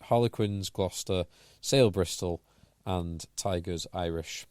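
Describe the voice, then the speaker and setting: Low man, measured casual chat, dry close mic. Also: a little mellow, clear, resonant tone, no echo. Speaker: podcast co-host.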